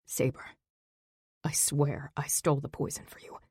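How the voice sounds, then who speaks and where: Woman doing a raspy whispery young guy, remorseful and broken up, low voice, close dry sound. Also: dry recording, heavily acted. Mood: pained. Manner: hushed, halting, broken. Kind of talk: audiobook narration.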